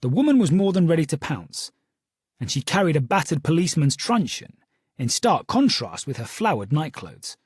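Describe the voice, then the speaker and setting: A male audiobook narrator reads a first-person story in a steady storytelling manner at a moderate pace. His voice is husky and fairly high with a lively rise and fall, and the recording is close and dry with no echo.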